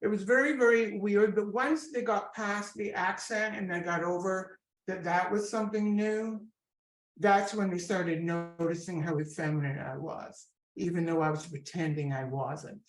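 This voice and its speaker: A woman in her sixties with a Scottish accent, telling her story with lively asides in an interview. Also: medium pitch, moderate pace. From Scotland. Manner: chatty, animated storyteller with asides. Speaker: guest comedian. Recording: echoey room.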